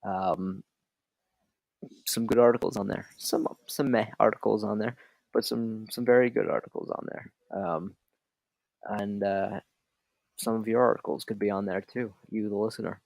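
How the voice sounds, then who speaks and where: Gravelly-voiced dry podcast co-host man. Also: fairly low pitch, steady tone, normal speed, a little mellow, no room sound, rough recording. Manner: dry, wry, tired and yawning. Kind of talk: casual podcast chat.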